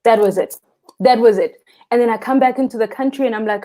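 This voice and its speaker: A woman's voice: on the high side, quick pace, warm tone, a little hiss or hum. A South African woman, a guest freediving instructor, telling a story animatedly, acting out quotes and laughing often. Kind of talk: casual interview storytelling.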